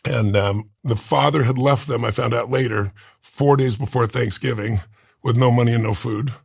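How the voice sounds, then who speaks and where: A man in his sixties with a gravelly, husky voice. He tells a deeply personal story in an interview, earnest and intense. The sound is dry and close to the mic. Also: steady tone, moderate pace, darkish tone, dry recording. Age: 60s. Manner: earnest, intense, rough gravelly voice, moved to tears. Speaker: interview guest.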